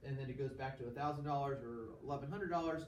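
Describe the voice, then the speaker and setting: A man with a medium-pitched, somewhat dark voice talks fast as he gives a classroom lecture. He explains things step by step, checks in with his students, and acts out small examples. The recording is echoey and distant, with faint noise.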